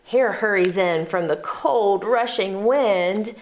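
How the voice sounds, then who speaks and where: A woman volunteer reading a picture book aloud to children, expressive, and inviting them to join in. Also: medium pitch, takes it slowly, few pauses.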